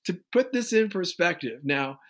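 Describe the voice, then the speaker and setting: Animated man telling band stories. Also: sits high, normal speed. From United States. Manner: animated storyteller who acts out quoted voices. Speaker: guest musician. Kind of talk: casual interview storytelling.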